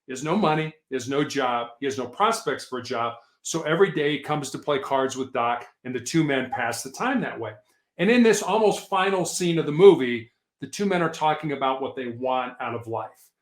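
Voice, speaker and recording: A man's voice: medium pitch, animated, fairly quick. A man guest author in a podcast interview, telling stories in an earnest, emphatic way. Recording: echoey room.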